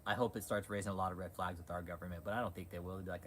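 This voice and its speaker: A man's voice: low-pitched, steady tone, racing, fairly bright tone, slight background noise, poor audio. A man hosting a livestream, ranting in a crude, heated, sarcastic way. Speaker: livestream host. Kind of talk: profane livestream rant.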